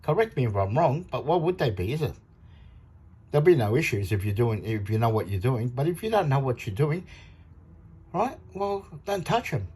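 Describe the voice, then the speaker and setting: A man chatting in a casual product vlog about audio amp parts, rambling and excitable, laughing often. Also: mid-range voice, normal speed, breathy edge.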